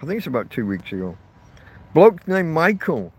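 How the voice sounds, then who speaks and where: A man's voice: a little high, sing-song, normal speed, slightly rough. A man rambling casually to his viewers, recorded outdoors in a windy field on a phone. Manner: rambling, self-correcting, chatty. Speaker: vlogger living rough in a field camp. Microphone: phone held in portrait mode. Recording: wind and faint outdoor noise on a phone.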